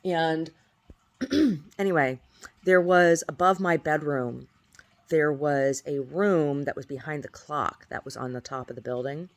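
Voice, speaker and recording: A woman's voice: low voice, a little slow. Rambling aggrieved woman. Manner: rambling and aggrieved, often restarting phrases. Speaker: video diarist. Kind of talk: casual video diary.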